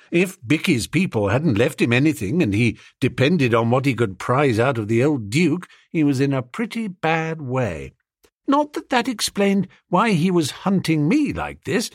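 A man's voice: mid-range voice, husky, no echo, clean studio sound. A man narrating a comic novel as an audiobook reader, in a breezy, storytelling manner.

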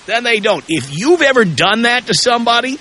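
A man's voice: extremely high pitch, big pitch swings, a little fast, bright, forceful tone, low-quality recording. A man hosting a call-in radio talk show, asking provocative questions with heavy emphasis.

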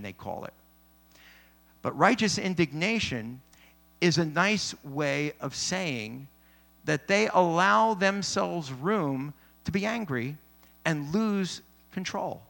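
A man preaching a sermon in an earnest, measured way, with emphatic pauses. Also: on the high side, creaky, fairly bright tone.

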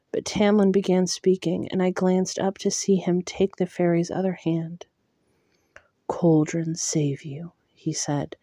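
A woman reading a fantasy novel aloud in a soft, unhurried and emotional way. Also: fairly low pitch, no room sound, clean studio sound. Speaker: audiobook reader.

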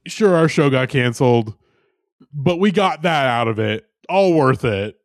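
A man co-hosting a podcast in casual chat, animated and laughing often, with frequent restarts. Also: medium pitch, a little slow, dry recording, clean studio sound. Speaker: podcast co-host.

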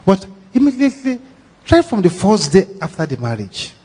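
A Nigerian man, a pastor, preaching a sermon with animated, repetitive, dramatic storytelling. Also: sits high, normal speed, slightly rough. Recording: echoey hall reverb.

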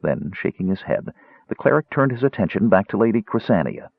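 A man reading an audiobook in scripted, expressive narration, on a tinny narrow-band recording. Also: lowish voice, fairly quick, gravelly, slightly rough, no room sound.

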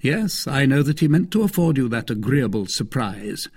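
A man's voice: mid-range voice, sing-song, normal speed, darkish tone, husky, voice pushed up. A man reading aloud, voicing a scheming cloaked stranger who speaks curtly and condescendingly. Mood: scornful. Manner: curt, condescending. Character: scheming male stranger in a cloak, cold and scornful.

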